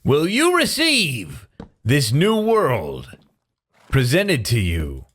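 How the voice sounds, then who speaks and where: A grand male showman announcer, as a man puts him on stretches every word and swings his pitch widely. The delivery is slow and overblown. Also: huge pitch swings, fairly bright tone, slightly rough, full character voice. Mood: grandiose.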